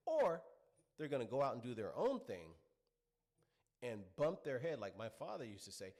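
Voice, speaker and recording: A man's voice: medium pitch, very animated, normal speed, pauses often, a little mellow. A middle-aged man delivering an opinionated monologue, lecturing his listeners and piling up rhetorical questions. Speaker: commentary show host.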